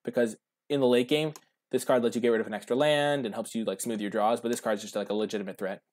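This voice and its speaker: A man's voice: mid-range voice, fairly even intonation, quick pace, darkish tone. A man giving casual commentary while drafting cards, thinking aloud and answering his chat. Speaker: streamer.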